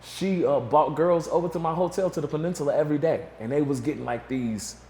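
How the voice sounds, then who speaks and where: A man's voice: fairly high pitch, fast talker, a little hiss or hum. Man telling a story in an echoey room. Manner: animated storytelling, acts out voices of others. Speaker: interview guest. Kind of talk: storytelling interview. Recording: echoey room with faint ambience.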